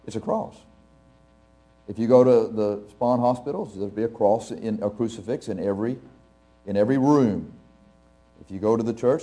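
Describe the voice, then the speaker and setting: A man's voice: medium pitch, dark tone. A male pastor preaching to a live congregation in a conversational, anecdotal way, chuckling often and asking the audience questions. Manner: speaks straight to the audience, asks questions.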